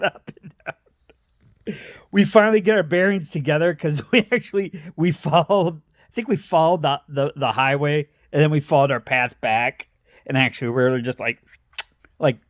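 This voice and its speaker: A man's voice: a little high, moderate pace, dry recording, studio quality. A man vlogger telling funny family stories in a rambling, profane way, often laughing as he goes. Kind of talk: casual storytelling.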